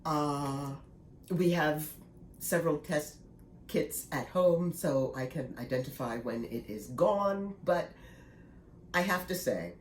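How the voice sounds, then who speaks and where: A woman's voice: deep voice, lively intonation, slow. A woman in her sixties, slightly congested, chatting casually and laughing easily in a knitting vlog. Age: 60s. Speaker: knitting vlogger. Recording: echoey room with faint noise.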